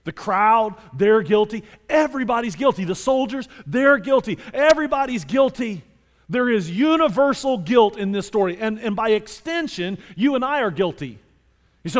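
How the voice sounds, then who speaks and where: A male pastor preaching a sermon with animated delivery, moving between loud emphasis and quiet scripture reading. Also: sits high, moderate pace, long reverb tail.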